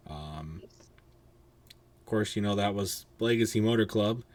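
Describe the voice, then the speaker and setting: A rather low-voiced man hosts a casual podcast into a microphone. He sounds tired, with occasional yawns, and rambles loosely, swearing offhandedly and restarting his sentences as he goes. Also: takes it slowly, darkish tone. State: tired, yawning. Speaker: podcast host.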